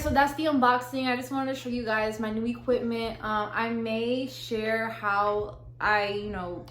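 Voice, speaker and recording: A woman's voice: medium pitch, fairly bright tone. A young woman, gushing and slangy as she unboxes gear in a casual vlog. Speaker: vlogger. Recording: echoey room, faint hiss.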